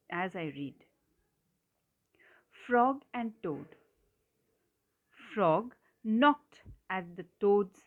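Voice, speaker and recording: A woman teacher talks to young children and reads them a storybook aloud. She speaks slowly and clearly, with a middling pitch. The recording sounds muffled and lo-fi. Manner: slow, clear, explaining.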